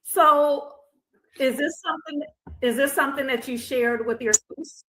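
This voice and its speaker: Higher-voiced woman asking short questions. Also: normal speed, pushed and bright, slight background noise, poor audio. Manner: brief, encouraging, asks short questions. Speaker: interview host. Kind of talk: casual interview questions.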